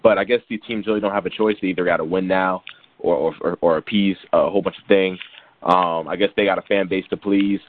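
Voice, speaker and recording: A man's voice: low-pitched, steady tone, quick pace, slight background noise. A man co-hosting a sports podcast, chatting casually with many restarts and fillers. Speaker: podcast co-host. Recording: tinny phone-like sound.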